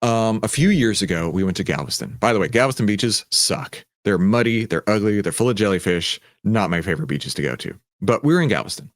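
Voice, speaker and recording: Animated low-voiced man hosting a stream. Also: a little fast, few pauses, no echo, studio quality. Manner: animated, rambling, self-mocking. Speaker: trading coach and stream host. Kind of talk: live Q&A trading stream.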